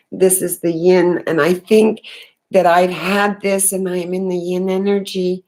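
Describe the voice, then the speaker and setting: A woman talking unscripted about her spiritual awakening, earnest and halting, with many fillers and restarts. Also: lowish voice, darkish tone. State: tearful. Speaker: spiritual vlogger.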